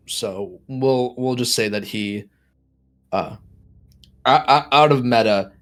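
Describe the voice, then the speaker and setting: A man narrating as game master of a tabletop horror game, halting with fillers and restarts. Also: lowish voice.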